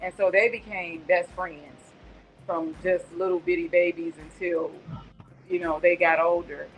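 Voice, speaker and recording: A woman's voice: lowish voice, flat delivery, measured pace, soft background music, low-quality recording. A middle-aged woman, a guest and aunt, reminiscing in a chatty, rambling storytelling way. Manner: chatty storytelling, many asides. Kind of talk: casual reminiscing.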